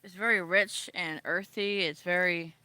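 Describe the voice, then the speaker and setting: Woman, vlogger, bright tone, rambling casual chat, lots of ums and pauses. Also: on the low side, fairly even intonation, no room sound. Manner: meandering, many ums and trailing pauses.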